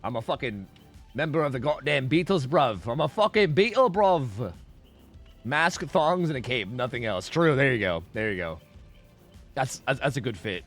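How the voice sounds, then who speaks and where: Lively, bright-voiced male streamer. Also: mid-range voice, moderate pace, soft background music. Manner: rambling, profane, chatty, answering chat questions. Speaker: game streamer. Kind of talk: casual live-stream chat with viewers while gaming.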